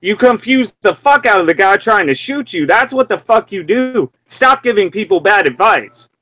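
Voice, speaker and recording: A man's voice: expressive, normal speed, bright, forceful tone, dry recording, poor audio. Heated, profane young man ranting. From Memphis, US. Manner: heated, profane, mimics screams in sudden high yelps. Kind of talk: casual profane rant.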